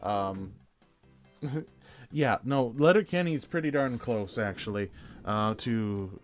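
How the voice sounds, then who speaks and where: A man's voice: medium pitch, expressive, takes it slowly, soft background music. Joking Canadian man streaming a game. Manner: jokey, rambling, self-deprecating. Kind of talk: casual game-stream chat.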